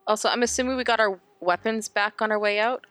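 A woman playing a tabletop game, asking quick questions. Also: mid-range voice, a bit bright, faint music behind. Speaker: player. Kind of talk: casual tabletop play.

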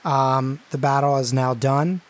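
A man narrating as game master of a tabletop game, casual and halting with many fillers. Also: mid-range voice, flat delivery.

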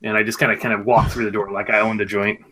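Bright-voiced man playing at the table. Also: lowish voice, flat delivery, fast. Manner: hesitant, filler-heavy, wry. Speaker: player. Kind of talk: playing a character in a tabletop game.

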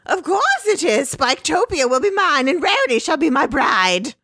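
A woman's voice: sits high, sing-song, moderate pace, pushed and bright, dry recording, clean studio sound, pitched above the performer's own voice, heavily acted. A woman voicing a pompous squid-wizard villain with a grandiose, cackling delivery. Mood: boastful.

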